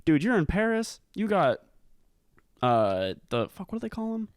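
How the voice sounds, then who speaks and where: A man's voice: high voice, very animated, normal speed, clean tone, no room sound. Young guy cohosting a podcast, rambly and crude, lots of ups and downs in the voice, dry close mic. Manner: rambling, crude and joking, trails off mid-sentence. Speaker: podcast co-host. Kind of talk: casual podcast banter.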